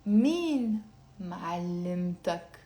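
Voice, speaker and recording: A woman's voice: fairly low pitch, expressive, mellow. Woman teaching in an echoey room. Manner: patient, repeats phrases slowly then faster. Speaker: Lebanese Arabic teacher. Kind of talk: live online language lesson.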